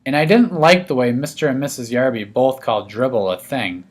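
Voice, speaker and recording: A man's voice: medium pitch, a little fast. Man reading a first-person kids' story. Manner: storytelling as a young boy. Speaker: audiobook reader. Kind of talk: first-person scripted narration.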